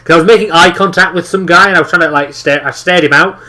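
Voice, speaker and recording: Young man, Teesside accent, bright voice, slightly high, sweary anecdotes, casual podcast chat. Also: fast. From northeast England. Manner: swears often, tells anecdotes with acted-out quotes. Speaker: podcast co-host.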